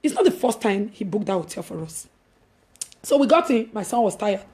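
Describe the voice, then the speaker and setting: A woman with a Nigerian accent telling a story in casual chat, animated, laughing and swinging between loud and hushed. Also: mid-range voice, fairly quick. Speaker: evangelist vlogger.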